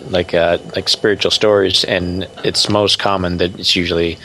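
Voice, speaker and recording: A man co-hosting a casual podcast, relaxed and joking, with some fillers. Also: low voice, normal speed, slight background noise. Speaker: co-host.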